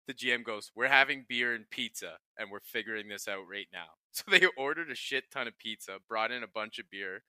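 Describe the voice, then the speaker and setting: A man's voice: lowish voice, a little fast, hardly any pauses, pushed and bright, dry recording. A young man, a pro hockey player and podcast co-host, telling profane, laughing stories in casual chat.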